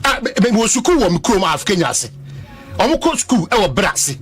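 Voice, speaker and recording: A man's voice: high-pitched, very animated, fairly quick, a bit bright, soft background music. A Ghanaian man and political commentator arguing heatedly in a panel debate, insistent and talking over the others.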